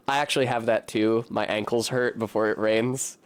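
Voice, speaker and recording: A man's voice: fairly low pitch, steady tone, moderate pace, few pauses, a little hiss or hum. A man casually commenting on a game he plays, chatty with joking asides. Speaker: streamer. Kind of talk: casual let's-play commentary.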